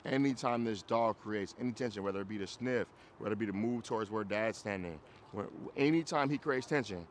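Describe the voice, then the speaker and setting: A man leading an outdoor dog training class, explaining casually, checking that students follow and breaking into loud, high praise for the dog. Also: fairly quick, slight background noise. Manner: casual, explains with repeated checks like "you get what I'm saying". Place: outdoors in a city.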